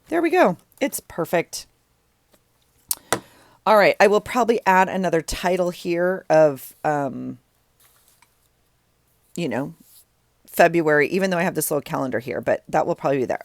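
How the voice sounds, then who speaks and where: A woman's voice: deep voice, creaky, no room sound. A middle-aged woman chatting casually while she works in her journal, rambling with self-deprecating asides. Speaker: journaling vlogger. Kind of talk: casual chat while crafting.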